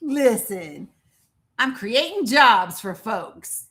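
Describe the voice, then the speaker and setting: A woman's voice: on the high side, big pitch swings, drawn-out words, fairly bright tone. A woman hosting a live stream, chatting casually with her viewers and laughing often as she talks to them directly. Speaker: livestream host.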